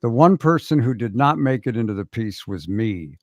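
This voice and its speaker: A man's voice: medium pitch, expressive, moderate pace, no echo. A man guesting on a chat show, telling wry, self-deprecating stories about his acting work. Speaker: guest actor. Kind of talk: casual anecdotal chat.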